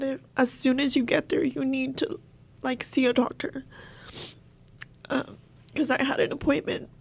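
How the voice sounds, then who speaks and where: A young woman telling a painful personal story in an interview, halting and emotional, with many fillers and restarts. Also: high voice, vocal fry, husky.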